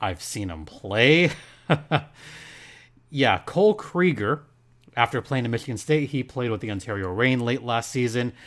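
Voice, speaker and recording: A man's voice: mid-range voice, moderate pace, long pauses. A man hosting a sports podcast in a playful, joking way. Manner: playful and jokey, reads ad in hype voice. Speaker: podcast host. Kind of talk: casual sports podcast talk.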